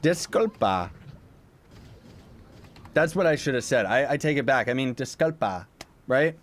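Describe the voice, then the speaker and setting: This young man's medium-pitched voice has lively intonation and a measured pace as he casually chats on a game stream, playfully answering viewers' questions. Game music plays, with slight background noise.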